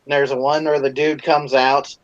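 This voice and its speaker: A man's voice: medium pitch, little pitch movement, normal speed, highs cut off. A man co-hosting a podcast, telling crude stories in a rambling casual way, swearing a lot and restarting his sentences often. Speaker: podcast co-host.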